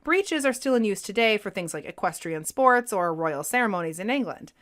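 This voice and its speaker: A woman co-host narrates a history podcast from her script, and her expressive reading lifts on the lighter moments. Her voice stays at a middle pitch. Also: fairly quick.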